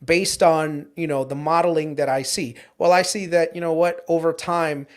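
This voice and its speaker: Male guest, high voice, casual explainer with lots of fillers. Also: steady tone, normal speed. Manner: explanatory, full of "you know" fillers. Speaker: podcast guest. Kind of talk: casual chat.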